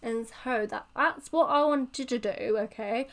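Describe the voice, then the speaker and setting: A woman's voice: a little high, unhurried. A woman telling a rambling, playful story in a casual voiceover for her channel. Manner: rambling, playful, self-correcting. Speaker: channel creator.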